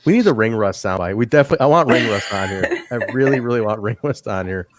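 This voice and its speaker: A man's voice: on the low side, lively intonation, fast talker, crowd noise. A man hosting a wrestling podcast in casual chat, laughing often and mimicking the people he talks about. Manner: laughs often, quotes others in put-on voices. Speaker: podcast host.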